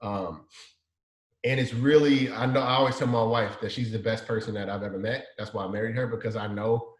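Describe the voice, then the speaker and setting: A man's voice: lowish voice, fairly even intonation, fairly quick. A man from Chicago's South Side, a designer telling a story in an interview, animatedly acting out the dialogue he quotes. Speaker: guest, designer. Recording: echoey room.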